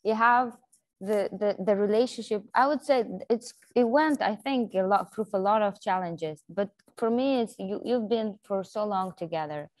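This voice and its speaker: Woman interviewer; halting, word-searching, mid pitch, dry close sound. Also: a little mellow, no room sound. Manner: halting, searching for words, many restarts. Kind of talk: casual interview conversation.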